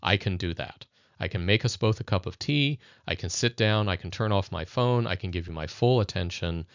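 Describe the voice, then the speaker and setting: Low-voiced male educator, reflective and direct with viewers, on a dull, dry lo-fi recording. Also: normal speed, smooth, dry recording. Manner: thoughtful, addresses viewers directly. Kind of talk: conversational video lesson.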